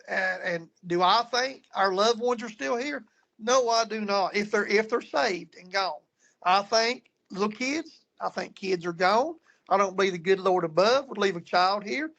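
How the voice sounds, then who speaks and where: Rambling high-voiced man. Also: fairly bright tone. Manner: rambling, repeats words and restarts. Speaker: guest paranormal investigator. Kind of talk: casual storytelling.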